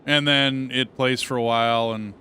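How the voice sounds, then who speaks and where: Easygoing dude streaming a game, short chill answers, middle voice. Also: male voice, medium pitch, steady tone, moderate pace, pushed and bright, smooth. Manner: easygoing, short laid-back replies. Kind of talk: casual gaming chat.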